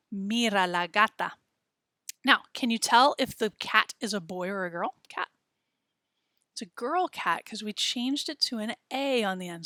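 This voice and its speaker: A woman teaching a beginner lesson, explaining patiently and repeating words, recorded in a quiet studio. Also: a little high, no echo. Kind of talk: classroom lesson narration.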